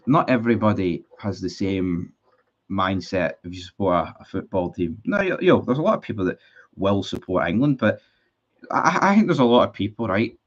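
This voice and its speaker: A man's voice: low voice, normal speed. Rambling man on a lo-fi stream. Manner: rambling, blunt, swears freely, many restarts. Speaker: livestream host. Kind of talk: casual livestream chat reading viewer comments. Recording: dull lo-fi stream audio.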